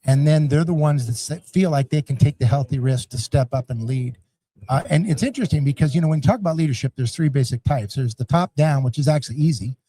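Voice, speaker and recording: A man's voice: medium pitch, fast talker. A middle-aged man, a guest on a podcast, talking animatedly and acting out coaches and parents as he goes. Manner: animated storyteller, acts out yelling parents and scats rhythms. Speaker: youth sports league founder, guest. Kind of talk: conversational podcast interview.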